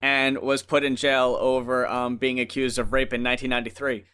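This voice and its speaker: A man's voice: medium pitch, little pitch movement, fairly quick, sharp tone, clean tone. A man co-hosting an album review show in casual chat, laid-back, swearing freely and laughing often.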